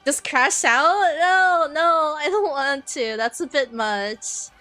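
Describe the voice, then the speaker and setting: A young woman vtuber chats casually on a live stream, her high-pitched voice bright, pushed and lively, yet slow in pace. Flustered and rambling, she keeps restarting and apologizing while faint music plays behind her.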